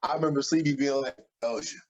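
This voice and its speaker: A man, co-hosting a podcast and telling an animated story, acting out the quotes excitedly. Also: a little high, moderate pace. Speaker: podcast co-host. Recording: dull lo-fi audio.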